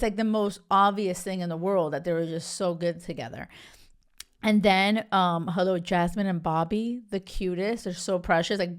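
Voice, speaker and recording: Young female podcast host with a slightly low voice, chatty and effusive. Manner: gushing, animated, fond of "like" and "you guys". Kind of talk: casual chat reviewing a reality show.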